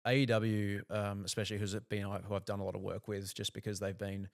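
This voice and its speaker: A man's voice: on the low side, little pitch movement, fairly quick, gravelly, no room sound, studio quality. An Australian man in his thirties, a TV journalist guest chatting casually on a podcast, rambling with lots of restarts and fillers.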